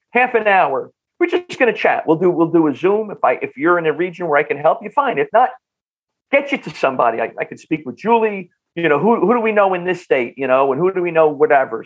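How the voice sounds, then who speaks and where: A man with a North Jersey accent, a health practitioner guest on a podcast interview, talking in an animated way and often repeating words as he starts a sentence. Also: on the high side, highs cut off. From New Jersey.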